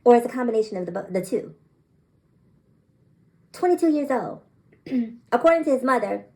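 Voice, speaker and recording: A woman vlogger with a slightly high voice, speaking straight to her audience. She is animated and emphatic, hammering points home by repeating them. Her tone is incredulous, and she breaks into disbelieving laughs. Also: moderate pace, poor audio. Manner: emphatic, repeats phrases for effect. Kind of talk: direct-to-camera commentary.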